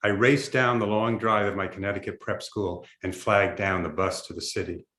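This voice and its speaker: Brief: male author reading his memoir aloud, low voice, roomy echo on a video call. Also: steady tone, fairly bright tone. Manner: measured storytelling.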